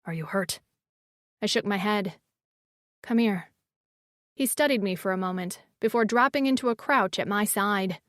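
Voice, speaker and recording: A woman voicing a huge, gentle male alien warrior who speaks low and softly, often in a whisper, in an audiobook. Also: moderate pace, pauses often, no echo, clean studio sound, natural voice. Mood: tender.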